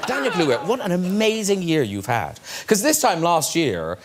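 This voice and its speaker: A man's voice: sits high, sing-song, normal speed. A man with an Irish accent hosting a chat show, bubbly and teasing. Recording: noisy chat show studio.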